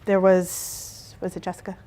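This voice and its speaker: A woman's voice: fairly low pitch, completely flat delivery, moderate pace, warm tone. A woman facilitating a workshop, explaining to a group and checking in with "right?" and "okay?". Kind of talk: interactive workshop talk.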